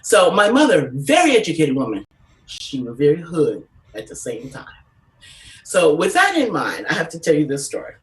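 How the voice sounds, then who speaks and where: A woman doing a stand-up comedy set, telling brash, profane stories in an animated way. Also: low-pitched, moderate pace, distant mic, poor audio.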